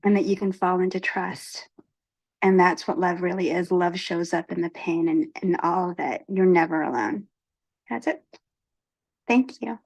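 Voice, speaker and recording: Halting, earnest woman sharing a testimony. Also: on the low side, a little mellow, breathy edge. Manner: halting, earnest, many restarts. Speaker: retreat guest speaker. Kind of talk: personal spiritual testimony.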